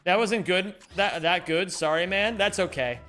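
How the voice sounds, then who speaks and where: A man's voice: high-pitched, moderate pace, pushed and bright, faint music behind. A man streaming a speedrun in casual chat, joking and mocking himself as he reads and answers viewers' messages.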